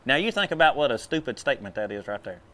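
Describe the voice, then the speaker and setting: A man preaching a sermon in a folksy, animated way, drawling and then breaking into sudden loud bursts. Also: medium pitch, quick pace.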